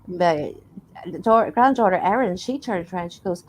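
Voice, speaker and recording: A woman's voice: fairly low pitch, expressive, moderate pace, poor audio. An older Scottish woman telling stories in casual chat on a video call, acting out the voices of the people she quotes. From Scotland. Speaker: paranormal investigator guest.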